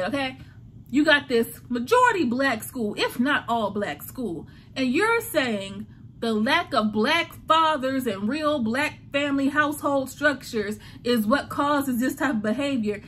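This woman's voice sits high and a bit bright, with slight background noise. She hosts a casual TV recap, talking animatedly and acting out the characters' lines.

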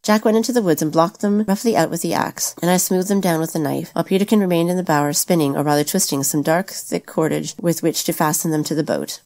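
A woman reading a novel aloud as a steady, brisk audiobook narrator. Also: on the low side. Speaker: audiobook reader.

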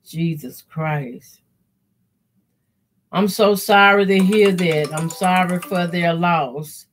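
A middle-aged woman, hosting a casual quilting live stream, reading viewer comments and praying aloud with deep feeling. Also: takes it slowly. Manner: heartfelt, prays aloud with deep emotion. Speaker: quilting channel host.

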